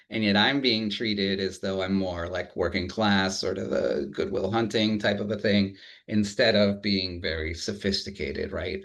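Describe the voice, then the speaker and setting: Male lecturer, lowish voice, easygoing and joking, lots of fillers and self-corrections. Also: unhurried. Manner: relaxed, humorous, thinks aloud with many restarts. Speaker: university lecturer. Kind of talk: academic lecture.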